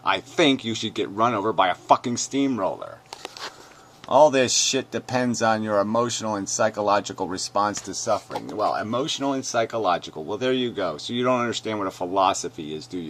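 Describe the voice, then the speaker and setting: A man ranting angrily and profanely as he reads comments aloud, mocking them in sneering voices and swinging between shouts and mutters. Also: lowish voice, a little fast, slight background noise. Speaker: video commentator. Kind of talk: angry rant reading comments aloud.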